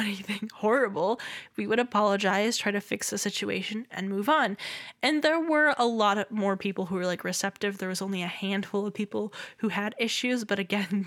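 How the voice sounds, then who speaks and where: A woman's voice: medium pitch, no room sound. Chatty woman podcaster, dry close sound. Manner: animated, laughs often, acts out customer voices. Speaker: podcast host. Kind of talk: casual storytelling monologue.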